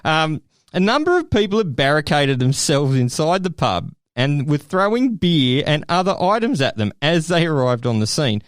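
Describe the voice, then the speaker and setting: A man's voice: fairly high pitch, big pitch swings, normal speed, no echo, studio quality. A man, co-hosting a podcast and telling a news story in a jokey way. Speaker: podcast co-host. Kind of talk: casual chat.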